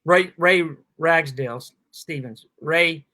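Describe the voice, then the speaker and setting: A man who is a guest comedian on a podcast, telling animated anecdotes and acting out quotes in casual chat. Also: a little high, slow pace, no echo.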